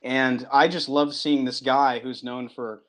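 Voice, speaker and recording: Here the comic book creator speaks a little slowly in a mid-range voice, though he stays animated through the casual chat, acting out movie lines and frequently restarting.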